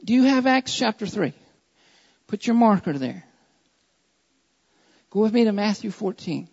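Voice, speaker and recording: A woman's voice: medium pitch, very animated, a little slow, a little mellow, slightly rough. Woman, preacher, impassioned sermon, long reverb, muffled sound. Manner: impassioned, repeats lines for emphasis. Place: large church hall. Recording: dull recording in echoing hall.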